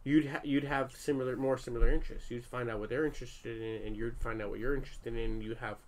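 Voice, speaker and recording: Candid, swearing dad telling stories. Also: male voice, medium pitch, quick pace. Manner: candid, profane, animated storytelling. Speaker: parent. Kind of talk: casual podcast chat with family.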